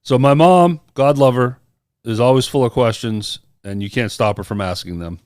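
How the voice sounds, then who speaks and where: A man's voice: mid-range voice, normal speed, darkish tone, clear, resonant tone, dry recording, studio quality. A man on a podcast telling a personal story in casual chat, acting out the people he quotes. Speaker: podcast co-host.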